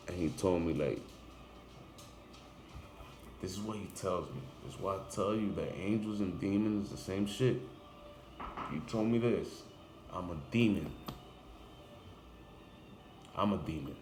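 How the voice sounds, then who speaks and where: Deep-voiced man telling an intense story. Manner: intense, emphatic, drifts louder and quieter. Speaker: barber telling a personal story. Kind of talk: casual spoken monologue. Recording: echoey room with background noise.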